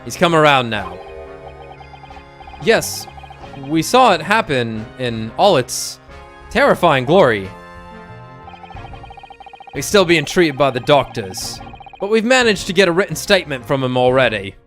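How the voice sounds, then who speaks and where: A man voicing a brisk, officious British police inspector while reading game dialogue aloud on a stream. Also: a little high, sing-song, a bit bright, soft background music.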